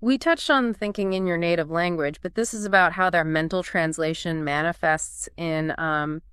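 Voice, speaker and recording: Clear-voiced woman co-hosting a lesson podcast. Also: fairly low pitch, normal speed, a bit bright, no echo, clean studio sound. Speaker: co-host. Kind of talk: scripted two-host explainer on learning English.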